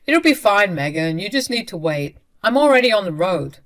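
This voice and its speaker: An impatient husband who brushes everyone off, read by a woman narrator. The lines come out higher and louder than the narration around them, in a plain storybook reading. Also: very animated, moderate pace. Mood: dismissive. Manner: dismissive, impatient. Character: dismissive husband, adult man.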